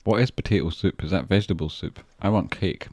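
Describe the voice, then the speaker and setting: A man's voice: sits low, fast talker, darkish tone, no room sound, studio quality. A man with a Scottish accent chatting casually on a trading livestream, reading viewer messages, swearing freely and thanking people effusively.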